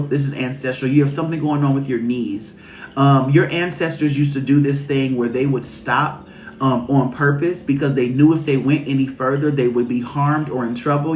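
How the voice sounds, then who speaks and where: A man's voice: medium pitch, a little hiss or hum. Casual, profane man giving a spiritual reading. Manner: casual, profane, repeats phrases, laughs often. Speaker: intuitive reader channeling messages. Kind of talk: live-streamed spiritual reading. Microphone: phone during a live stream. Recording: roomy, slightly muffled stream audio with faint music.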